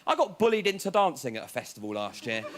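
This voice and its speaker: A man doing a stand-up comedy set, animated, acting out other people's voices. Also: quick pace. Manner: animated, acts out other voices, jumps into a much higher yelling pitch. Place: TV studio stage with a live audience. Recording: live TV studio with crowd laughter.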